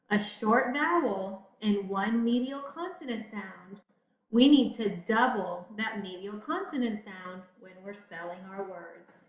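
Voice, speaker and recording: A woman teacher giving a patient phonics lesson to children, speaking slowly and pausing for answers. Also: on the high side. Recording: echoey room, slightly dull sound.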